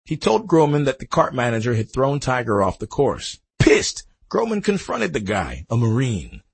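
A man narrating an audiobook with an expressive, varied delivery. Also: mid-range voice, normal speed, creaky, husky. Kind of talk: scripted narration.

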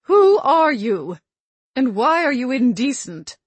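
Lady doing a nosy old grandma ghost, higher and louder than her usual voice, chiding, dry close sound. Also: sing-song, slow, husky, dry recording, full character voice. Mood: tart. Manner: chiding, chatty and scatterbrained. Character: old woman ancestor spirit in a locket, fussy and nosy.

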